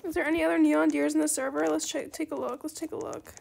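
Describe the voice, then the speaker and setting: A woman hosting her gaming channel, chatting casually through gameplay commentary and bursting into excited squeals. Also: high-pitched, fast, creaky.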